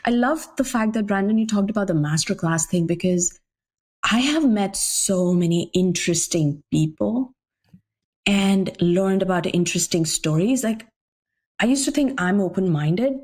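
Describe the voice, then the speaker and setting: Woman guest, husky, chatty, acts out what she used to say. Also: mid-range voice, normal speed. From India. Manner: animated storyteller, often acting out remarks she once made. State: pregnant. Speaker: guest entrepreneur. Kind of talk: casual podcast chat.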